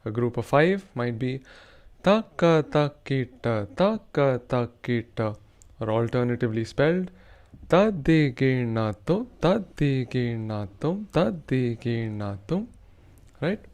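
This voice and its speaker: Guy teaching rhythm, slow and careful, smooth clear voice, counts out syllables. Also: medium pitch, darkish tone. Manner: slow, careful, recites konnakol syllables in time. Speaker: rhythm teacher, show host. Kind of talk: instructional explanation with spoken rhythm syllables.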